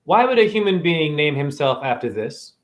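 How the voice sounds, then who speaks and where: Lively, erratic man rambling to camera. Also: on the high side, moderate pace. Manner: erratic, free-associating, shouting out asides. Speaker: spiritual video host.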